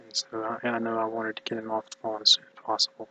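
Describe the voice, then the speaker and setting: An exhausted man talks in a mumbly, halting ramble that keeps slipping into near-whispers. His voice has a bright edge but almost no rise and fall. A faint hum sits under it. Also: fairly low pitch, completely flat delivery, poor audio. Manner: halting, hushed, drifting into whispers. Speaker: vlogger. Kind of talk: rambling personal monologue.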